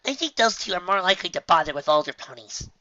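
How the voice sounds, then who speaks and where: A man's voice: high voice, big pitch swings, fast talker, bright, forceful tone, highs cut off, voice pushed up, full character voice. A man voicing an upbeat young filly pony in an audiobook reading, reassuring her friend.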